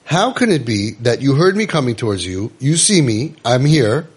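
With a medium-pitched, breathy voice, a man gives a Torah class at a moderate pace, pausing only rarely. His animated teaching blends Hebrew readings with English explanations, peppered with rhetorical questions aimed at listeners.

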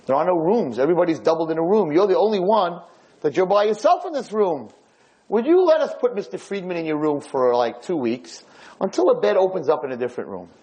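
A man's voice: sits high, sing-song, a little fast, mellow, breathy edge, lo-fi sound, pitched above the performer's own voice, full character voice. A man voicing the head of a nursing home politely asking a resident for a favor. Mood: pleading. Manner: earnest, apologetic request.

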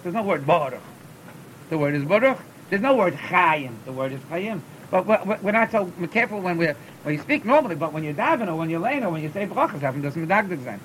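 A man, teaching a class on chanting scripture. He stumbles and repeats words as he explains, and breaks into short chanted examples. A faint rumble hums under the recording. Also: fairly bright tone, rough recording. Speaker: teacher of Torah cantillation. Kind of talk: classroom lesson.

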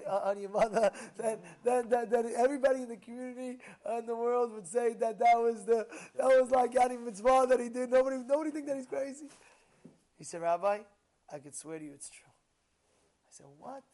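A male rabbi giving a storytelling sermon, animated, acting out the people he quotes with sudden shouts and then dropping to a low murmur. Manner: drops to a low murmur between outbursts.

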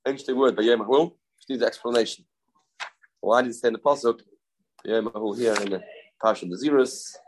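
A man's voice: mid-range voice, fairly quick, pauses often, slight background noise, low-quality recording. A man teaching a daily Talmud lesson, mixing English with Hebrew and Aramaic terms, often repeating phrases and asking himself questions.

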